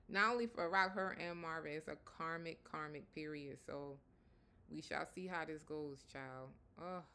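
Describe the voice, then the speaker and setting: A woman with a low, deep-set voice recaps a TV episode in a loose, chatty way. She laughs often and fills her talk with "like" and "you know." Faint background ambience sits under her voice. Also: a bit bright, a little hiss or hum. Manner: chatty, laughs often, lots of 'like' and 'you know'. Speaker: TV episode reviewer. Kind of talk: casual recap chat.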